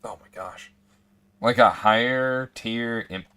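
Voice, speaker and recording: Hiccups interrupt a gaming streamer now and then as he rambles to himself over a computer game in casual commentary. His mid-range voice is slow, pushed and bright, yet smooth.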